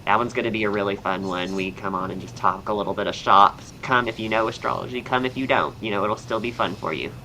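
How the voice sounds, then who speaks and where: A young man with a soft Southern American drawl talks like a podcast host, rambling cheerfully. His voice is bright and forward. Faint background noise sits under the recording. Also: lowish voice, quick pace, hardly any pauses, rough recording. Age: young adult. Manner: chatty, upbeat, rambling with fillers. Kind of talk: casual chat.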